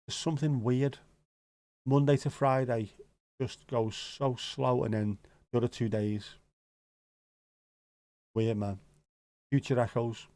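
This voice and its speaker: A man's voice: medium pitch, fairly even intonation, slow, long pauses, darkish tone, dry recording, studio quality. A man with a Scouse accent hosting a casual livestream, rambling and joking as he answers viewer comments, swearing now and then. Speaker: livestream host.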